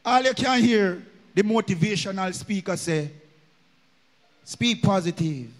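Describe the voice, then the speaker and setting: High-voiced Jamaican preacher in a hall. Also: male voice, expressive, unhurried. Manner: preaching in patois, chanting and rising into sung phrases. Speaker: minister. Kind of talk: sermon. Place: church.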